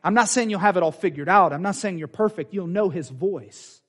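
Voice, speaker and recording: A man preaching a sermon in a church, animated, repeating phrases and acting out quoted voices. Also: high-pitched, brisk. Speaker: pastor. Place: church sanctuary.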